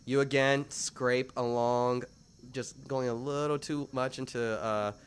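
A man runs a tabletop game as dungeon master, at a medium pitch. He narrates loosely, with plenty of fillers and restarts. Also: steady tone, a little slow, a little hiss or hum.

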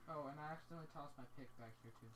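Fast, joking male gamer in co-op banter, recorded on a noisy home mic. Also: fairly high pitch, fairly bright tone. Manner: fast, joking, playfully dramatic. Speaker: let's play gamer. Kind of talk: casual gaming chat.

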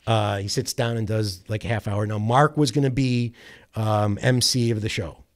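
A man's voice: on the low side, moderate pace. A man, a sports radio producer, telling a long anecdote in casual chat, rambling with restarts. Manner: rambling, animated anecdote with quoted voices and self-corrections. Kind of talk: casual storytelling.

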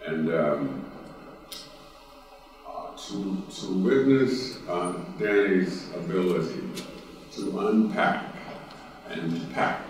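A Cape Breton man speaks slowly on a conference panel, telling a story in a folksy way and stopping often to restart. His voice sits fairly low, and he sounds far from the mic in a very echoey hall with faint noise. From Cape Breton, Nova Scotia. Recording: roomy hall recording from a distance.

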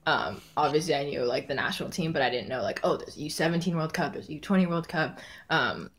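A woman's voice: deep voice, animated, fast, fairly bright tone. Chatty young woman full of fillers. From San Francisco Bay Area, USA. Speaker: podcast guest. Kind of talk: casual podcast chat.

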